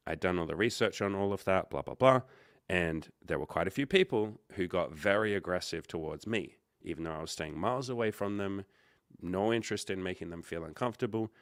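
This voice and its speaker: A man with a very low voice tells a story in a casual, rambling way and corrects himself as he goes. He hosts a livestream and acts out quoted dialogue. The sound is dry and close to the mic. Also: brisk, no room sound. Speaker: livestream host and coach.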